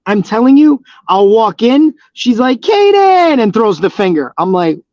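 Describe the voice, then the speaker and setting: A man's voice: high voice, expressive, normal speed, darkish tone, no room sound. Rambling man on a muffled dry line. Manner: rambling storyteller, many fillers and restarts, laughs easily. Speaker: professional wrestler and guest. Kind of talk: casual interview chat.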